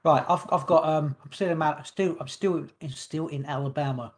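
A fairly high-pitched man chatting on a podcast. He rambles and jokes between topics, often stumbling over words and names. His tone stays loose and casual throughout. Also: moderate pace. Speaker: podcast co-host. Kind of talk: casual chat.

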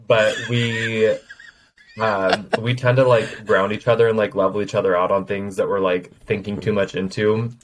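A man's voice: fairly low pitch, flat delivery, normal speed, slight background noise, poor audio. A young man as a podcast guest, telling stories frankly with plenty of swearing. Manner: frank, profane storyteller. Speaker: podcast guest, drag performer. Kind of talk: casual interview chat.

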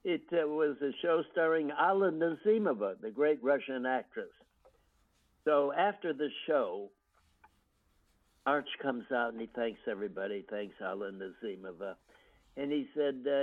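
An older man from the United States recalls his past at a slow, easy pace. His speech is full of ums and restarts. The audio is thin and tinny, like a phone line. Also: medium pitch, lively intonation. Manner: unhurried storytelling with frequent ums and restarts. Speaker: guest actor. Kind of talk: reminiscing interview.

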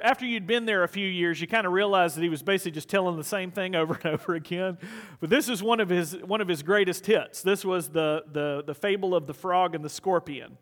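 Man preaching, high voice, casual storyteller, long hall reverb. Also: a bit bright. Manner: conversational storytelling. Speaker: pastor. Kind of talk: sermon.

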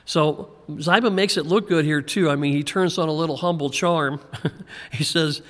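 A man teaching a Bible passage verse by verse, in a relaxed conversational way with frequent chuckles and small restarts. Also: on the high side, measured pace. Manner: conversational, chuckles often, repeats words when restarting. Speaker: pastor. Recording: long hall reverb.

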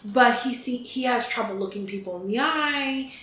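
A woman's voice: fairly high pitch, moderate pace, fairly bright tone. A woman co-hosting a podcast from the United States, talking in a chatty, casual way with ums and restarts. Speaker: podcast co-host. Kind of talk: casual chat. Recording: echoey room with faint noise.

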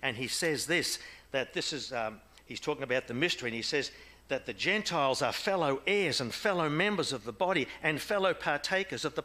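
Bright-voiced man preaching a sermon. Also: fairly high pitch, fairly quick. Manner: animated, swings between soft near-whispers and loud exclamations; asks the congregation questions.

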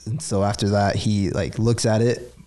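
A man's voice: fairly low pitch, moderate pace. Rambling young man telling a story. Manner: rambling, filler-heavy, animated. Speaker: store employee telling a story. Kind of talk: casual storytelling.

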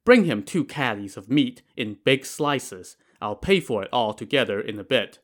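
A man voicing a calm, courteous male leader who speaks softly. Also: mid-range voice, moderate pace, close to an everyday voice.

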